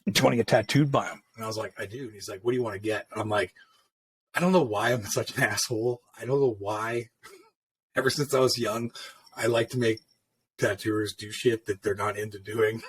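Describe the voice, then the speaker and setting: Husky laid-back man telling stories. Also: fairly low pitch, fairly even intonation, brisk. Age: middle-aged. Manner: laid-back, swears freely, acts out quoted dialogue. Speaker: tattoo artist guest. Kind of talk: casual storytelling conversation.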